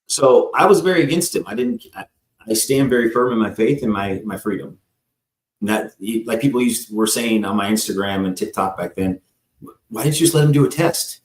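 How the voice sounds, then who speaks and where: A man's voice: on the low side, expressive, fairly quick. A man who is a guest on a live talk show, telling a long personal story in a rambling way, acting out the people in it and often addressing the host by name. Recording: roomy echo.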